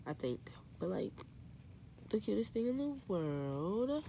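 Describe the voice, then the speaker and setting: A young woman chatting casually to camera in a book vlog, excitable and full of "like" and "y'all". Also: mid-range voice, slow, gravelly, a little hiss or hum. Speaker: book vlogger.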